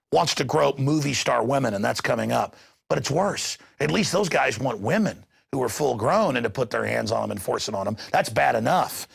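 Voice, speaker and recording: A man hosting a news commentary show, ranting with passion and bursting into shouts. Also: mid-range voice, vocal fry, breathy edge, no room sound, clean studio sound. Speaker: talk show host. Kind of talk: heated news commentary monologue.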